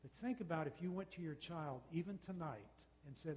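Man, parenting talk, slightly high voice, long hall reverb, folksy, acted-out dialogue. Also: a little mellow. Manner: folksy, uses quoted dialogue and quick mock exchanges. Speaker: speaker on parenting, radio host and counselor.

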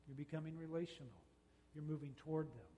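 A man giving a talk on parenting, folksy and conversational, acting out quick exchanges with kids. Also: on the high side, warm tone, long reverb tail, slight background noise. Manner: folksy, uses quoted dialogue and quick mock exchanges. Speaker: speaker on parenting, radio host and counselor.

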